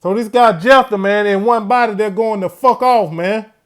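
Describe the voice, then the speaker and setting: A man's voice: high-pitched, normal speed, a bit bright. A man hosting a religious commentary show, speaking in a preachy way and ending his phrases with "man". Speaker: host.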